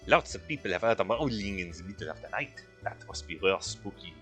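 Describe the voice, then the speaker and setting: A man's voice: deep voice, lively intonation, a little fast, a bit bright, soft background music. A man voicing a chatty male townsperson passing on local gossip.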